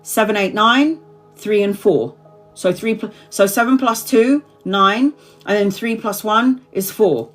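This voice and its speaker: A woman's voice: mid-range voice, a little slow, soft background music. A woman in her forties, a tarot reader chatting casually to subscribers on a livestream, rambling, repeating herself and laughing often. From Brazil. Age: 40s.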